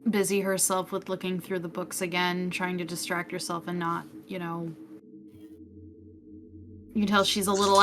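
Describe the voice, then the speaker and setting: A woman's voice: mid-range voice, sharp tone. A woman player describing her character's actions in a tabletop game. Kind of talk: casual tabletop game chat. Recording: noisy background.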